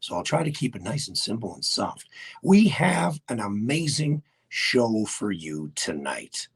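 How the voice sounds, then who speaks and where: A man with a Newfoundland accent hosting a live radio show, hoarse and raspy from laryngitis, chatting casually and greeting viewers by name. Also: lowish voice, very animated, measured pace. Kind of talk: casual live-stream chat. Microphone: webcam setup for live video.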